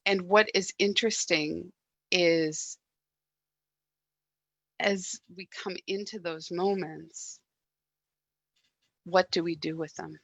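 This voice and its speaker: A woman gives a sermon in a reflective, gentle way, with soft pauses and quiet moments. Her voice sits lowish and has a gravelly fry. The sound is dry and close. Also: steady tone, no echo. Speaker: guest speaker at a church service.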